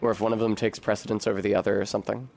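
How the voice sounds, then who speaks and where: A man's voice: fairly low pitch, little pitch movement, very fast, gravelly, darkish tone, faint music behind. A man streaming a video game, chatting casually in a rambling, profane and wry way. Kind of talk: casual gameplay commentary.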